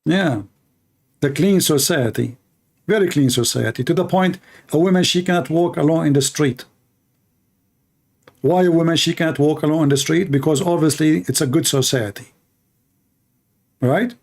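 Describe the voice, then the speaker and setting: At a moderate pace, a man with a slightly high but darkish, creaky voice hosts a polemical talk, leaving long pauses. His delivery is mocking and sarcastic, and his broken English is full of restarted sentences.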